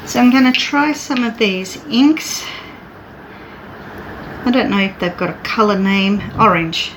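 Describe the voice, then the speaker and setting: A woman's voice: medium pitch, measured pace, noisy background. A woman artist chatting casually and thinking aloud as she sketches and paints. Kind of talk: casual chat while drawing.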